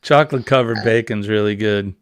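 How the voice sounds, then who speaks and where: A man's voice: fairly low pitch, a little fast, smooth, dry recording. A middle-aged man hosting a casual morning chat show, rambling and jokey. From New England. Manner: rambling, jokey, easily amused. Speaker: host.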